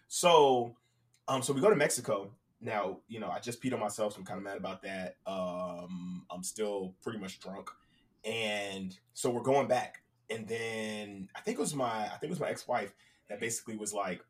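A man's voice: on the low side, normal speed, far from the mic. A man casually telling a long funny story on a podcast, acting out the people he quotes. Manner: animated, acts out the people he quotes.

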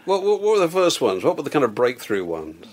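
A man's voice: medium pitch, wildly swooping pitch, brisk. A man interviewing a musician, asking eager questions and repeating words as he gets them out. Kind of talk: conversational interview.

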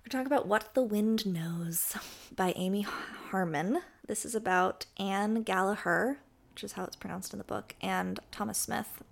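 A woman's voice: mid-range voice, normal speed, creaky. A woman co-hosting a podcast, chatting casually about romance books in a chatty, self-deprecating way. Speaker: podcast co-host. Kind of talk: casual book chat.

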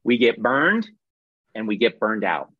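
A man's voice: lowish voice, sing-song, measured pace, slightly rough, no echo. A man leading a workshop on a video call, teaching in a conversational way and correcting himself as he goes. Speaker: workshop leader. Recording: dull dry video-call audio.

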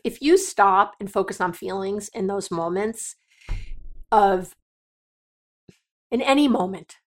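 A woman's voice: medium pitch, a bit bright. Emotional woman podcast host coaching listeners. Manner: emotional, direct and coaching, talks straight to listeners. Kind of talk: solo podcast monologue.

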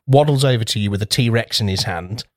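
A man swapping stories on a podcast, swearing freely and slipping into little put-on voices for the people in his anecdotes. His voice sits at an ordinary pitch and is recorded dry and close, with almost no room sound. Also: a little fast, no room sound. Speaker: podcast co-host. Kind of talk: casual chat.

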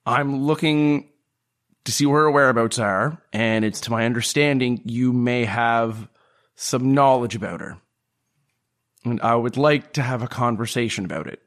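A man's voice: medium pitch, normal speed, fairly bright tone, close to an everyday voice. A man voicing a lovesick adventurer who pleads earnestly for news of someone dear. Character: lovesick adventurer searching for a loved one.

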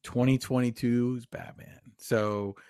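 A man co-hosting a casual podcast chat, talking quickly with fillers and easy laughs. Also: medium pitch, flat delivery, mellow, smooth, no echo, studio quality. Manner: chatty, talks fast with laughs and fillers. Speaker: podcast co-host.

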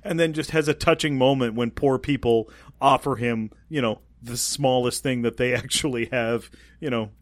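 A man's voice: medium pitch, fairly even intonation, moderate pace, few pauses, dry recording. A man in casual chat about a film, laughing and chiming in with agreement. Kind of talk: casual movie recap chat.

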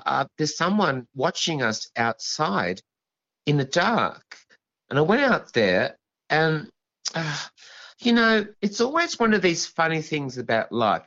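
Rambling man, wildly varying pitch. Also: fairly bright tone, muffled recording. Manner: rambling, halting, full of restarts and "you know". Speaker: guest. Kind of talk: storytelling in an interview.

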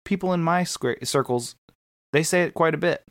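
A man's voice: a little high, moderate pace, no room sound, clean studio sound. A man co-hosting a podcast in casual chat, gushing and enthusiastic, often restarting his sentences. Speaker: podcast co-host.

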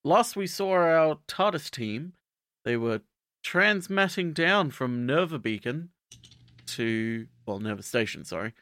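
A man with a lively, bouncing delivery hosts a casual podcast chat and tosses in playful jokes. His voice sits a little high and is recorded close and dry. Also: slow pace, no room sound. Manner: playful, joking asides. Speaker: podcast host.

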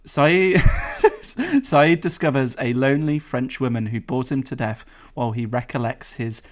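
A man's voice: mid-range voice, unhurried. A man co-hosting a podcast, bantering and swearing while laughing. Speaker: podcast co-host. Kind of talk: casual chat.

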